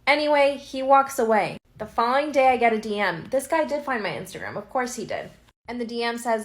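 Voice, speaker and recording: Brief: casual woman storyteller, slightly high voice, chatty, acts out quotes. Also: brisk, pushed and bright. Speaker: social media creator. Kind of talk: casual storytime chat to camera. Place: at home, lying on a bed.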